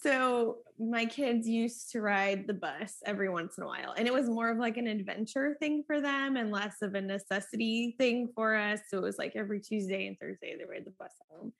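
A woman co-hosting a podcast, a mother talking about her kids in a quick, chatty, amused way. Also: fairly high pitch, gravelly. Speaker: podcast co-host. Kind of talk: casual chat.

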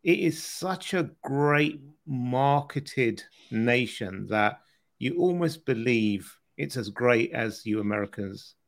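A man's voice: medium pitch, lively intonation, takes it slowly, gravelly. A British man co-hosting a podcast, chatting casually and joking with frequent laughs. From Britain. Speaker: podcast co-host.

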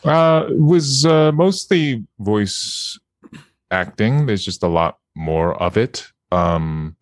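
A man, a video game actor, chatting as an interview guest, relaxed and laughing often, with hesitant fillers. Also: lowish voice, slow pace, no room sound. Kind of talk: casual interview chat.

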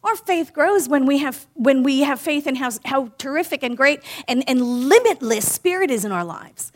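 A woman giving a sermon in a warm, conversational way, often asking "right?" and slowly repeating key lines for emphasis. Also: high-pitched, lively intonation. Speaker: minister.

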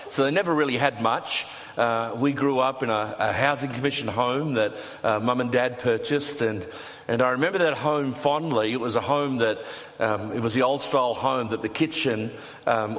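A man preaching to his congregation in an easy, chatty way, breaking off for light jokes and questions to the room. His voice sits at an ordinary middle pitch and carries a long reverb tail from a large hall. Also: a bit bright. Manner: conversational, playful asides to the congregation. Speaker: pastor. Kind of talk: sermon.

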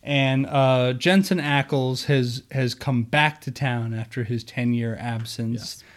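A man's voice: mid-range voice, fairly even intonation, slow. A man co-hosting a podcast, chatting casually about a movie with easygoing hesitations and frequent laughs. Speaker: podcast co-host reviewing a movie. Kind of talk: casual chat.

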